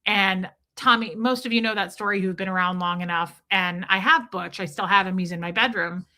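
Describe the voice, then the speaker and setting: A woman's voice: mid-range voice, fairly quick, sharp tone. A middle-aged woman hosting a casual livestream, chatty and emotional, greeting viewers by name as she tells a personal story. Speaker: livestream host.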